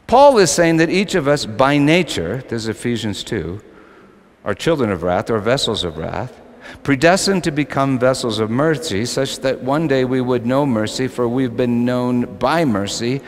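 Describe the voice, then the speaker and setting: A male pastor preaching a sermon, swinging between loud, emphatic lines and quiet, low asides. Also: lively intonation, moderate pace. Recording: long hall reverb.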